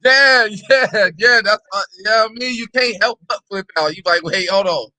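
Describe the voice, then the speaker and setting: A man talking casually in a conversation, animated and repetitive with street slang. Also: very high-pitched, normal speed, no echo.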